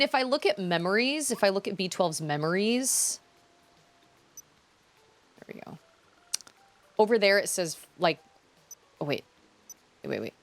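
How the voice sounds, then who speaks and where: Woman streamer, slightly low pitch, chatty, trails off, self-deprecating. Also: vocal fry, a bit bright. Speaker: game streamer. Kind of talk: casual let's-play commentary.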